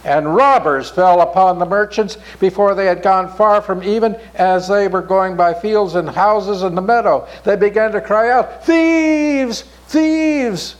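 A man telling a folk tale in an unhurried, expressive way. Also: high voice, rough recording. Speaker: storyteller.

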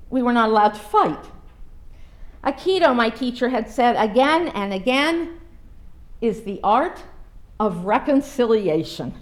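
Woman, sermon storytelling, animated pitch, slightly high voice, dramatic reading. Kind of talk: storytelling read aloud.

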